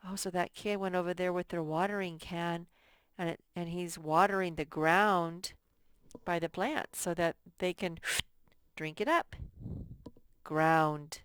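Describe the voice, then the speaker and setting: Slow, clear-voiced woman teaching first graders. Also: on the low side, steady tone, fairly bright tone, no echo. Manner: drawn-out, emphatic word modeling and repetition. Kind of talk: slow sight-word lesson for young children.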